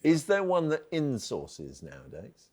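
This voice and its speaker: Lively jokey male show host. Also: a little high, a little slow, breathy edge. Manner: jokey, steers the conversation with questions. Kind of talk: studio panel chat. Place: TV studio.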